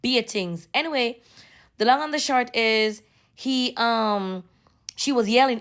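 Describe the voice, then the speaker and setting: A young woman casually telling a story, animated and slipping into patois. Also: a little high, measured pace. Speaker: vlogger.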